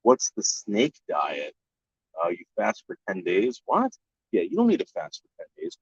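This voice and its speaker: Blunt, low-voiced man chatting on a stream. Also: wildly swooping pitch, normal speed, slightly rough. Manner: blunt and profane, with frequent restarts. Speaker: live-stream host answering chat. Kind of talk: casual chat. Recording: dull, lo-fi dry recording.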